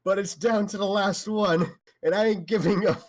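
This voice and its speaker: A man playing a tabletop game, excitable and swearing in casual chat. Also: high voice, moderate pace, no room sound. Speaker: player.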